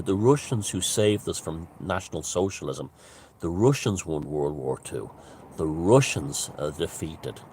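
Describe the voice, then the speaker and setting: A man's voice: sits low, darkish tone, slight background noise. A man giving a casual, rambling monologue, emphatic and full of restarts and asides. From Ireland. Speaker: author and commentator.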